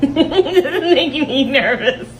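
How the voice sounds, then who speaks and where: A woman's voice: high voice, slow pace, echoey room, far from the mic, background noise. A woman at home being filmed on a phone, confused and laughing nervously as she keeps asking what is going on. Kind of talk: casual home video chat. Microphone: phone camera.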